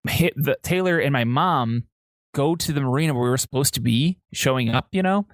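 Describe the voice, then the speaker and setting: Man, podcast co-host, rambling storyteller, many fillers and restarts, mid pitch, dry close sound. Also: brisk, no room sound. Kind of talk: casual chat, storytelling.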